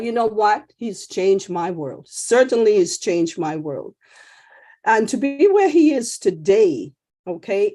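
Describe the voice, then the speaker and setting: Woman, slow, warm and mellow, effusive, devout, webinar panelist. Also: medium pitch. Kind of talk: enthusiastic testimonial.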